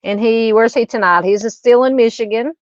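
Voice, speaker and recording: A woman's voice: a little high, moderate pace, no echo, lo-fi sound. A woman hosting a true crime livestream, chatting with viewers by name and laughing at her own fumbles before reading a case. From Southern United States.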